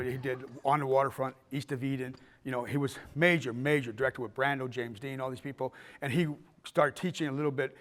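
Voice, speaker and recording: A man's voice: medium pitch, fairly bright tone. An older man teaching a filmmaking class in a casual, rambling way, stumbling and restarting as he tells stories and acts out the people in them. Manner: rambling storyteller who acts out quoted people. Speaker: filmmaking instructor. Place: fine arts center hall with a class.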